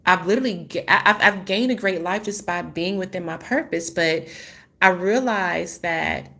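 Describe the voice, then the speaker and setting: A woman with a lowish voice tells her own story straight to the camera. She speaks in an emotional, halting way, with frequent restarts and many "like"s. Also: bright, forceful tone. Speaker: spiritual healing vlogger.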